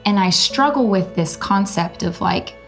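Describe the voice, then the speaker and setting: A woman hosts a talk show and speaks openly and candidly. Her voice sits in a middle pitch and she keeps the tone conversational. Light music plays faintly in the background. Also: animated, measured pace. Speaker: host.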